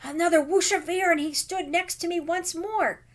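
A woman teacher reading a children's novel aloud with expressive, dramatic emphasis. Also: very high-pitched, moderate pace.

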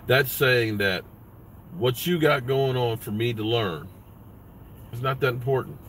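A man's voice: medium pitch, unhurried, pauses often, a bit bright, a little hiss or hum. A man hosting a sports vlog, ranting bluntly with lots of profanity. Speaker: sports vlogger.

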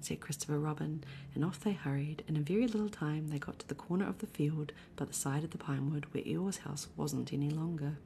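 A woman reading a bedtime story aloud in a soft, slow, whispery ASMR voice. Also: low voice, gravelly, a little hiss or hum.

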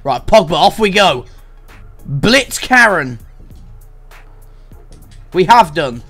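Excitable young man commentating gameplay. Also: high-pitched, slow pace, slightly rough, soft background music. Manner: excitable, groaning and shouting at the play. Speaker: gaming co-commentator.

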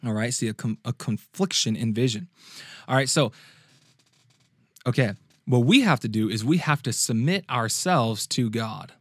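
A man's voice: expressive, moderate pace, slightly rough, dry recording, clean studio sound. Young man preaching casually. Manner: conversational, restarts often, acts out quotes in a higher sung voice. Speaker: youth preacher and podcast host. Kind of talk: casual sermon-style talk.

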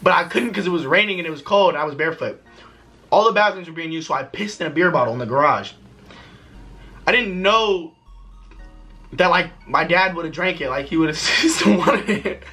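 A young man hosts his vlog in loose, crude banter, laughing his way through stories. His voice sits high and bright, swinging widely in pitch as he gets worked up. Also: animated, normal speed, soft background music. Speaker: vlog host. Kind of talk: casual chat.

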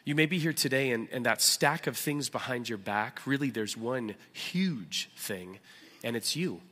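A man preaching a sermon as pastor, animated and emphatic, with loud acted outbursts and a hushed, prayerful close. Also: medium pitch, a little slow. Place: church sanctuary. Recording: church hall with long reverb.

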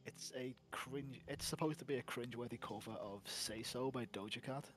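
A man's voice: mid-range voice, normal speed, a bit bright, husky. A young man co-streaming an online game, ribbing his friend with jokes and wordplay in casual chat. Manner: teasing, joking, wordplay banter.

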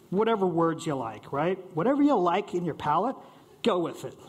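A man giving a playful, animated short talk on stage to a live audience, acting out quick voices of diners and servers. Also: sits high, slightly rough. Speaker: speaker at a short-talk event.

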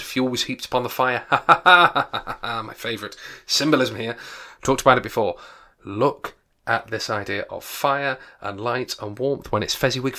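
A man's voice: medium pitch, bright, forceful tone. A man teaching English literature, reading a novel aloud and breaking off for rambling, apologetic asides. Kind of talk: reading aloud with revision commentary.

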